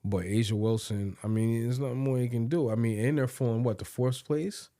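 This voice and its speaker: A man's voice: medium pitch, a little fast, dark tone, dry recording, clean studio sound. A man co-hosting a podcast, chatting casually about sports and often repeating words as he thinks aloud. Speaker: podcast co-host.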